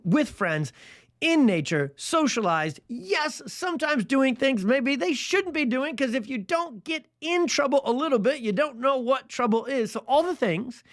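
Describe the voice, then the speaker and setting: A man's voice: very high voice, no room sound. Guy hosting his podcast solo, dry close sound, punchy and casual, keeps repeating lines to hammer a point. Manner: emphatic and animated, stacks repeated phrases; casual, folksy slang. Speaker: podcast host. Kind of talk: solo podcast monologue explaining a health topic. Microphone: podcast microphone.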